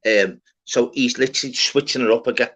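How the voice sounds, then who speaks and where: A man's voice: medium pitch, fairly quick, a bit bright. A man hosting an open-panel live stream, chatting casually with slangy, swearing banter. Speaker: livestream host. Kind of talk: casual chat. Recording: dull lo-fi stream audio.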